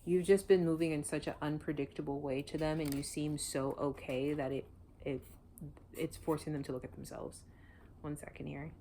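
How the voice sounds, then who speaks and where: Low-voiced woman reading tarot. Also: steady tone, normal speed, mellow, a little hiss or hum. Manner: blunt, emotional, swears freely. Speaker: tarot reader. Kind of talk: casual tarot reading to camera.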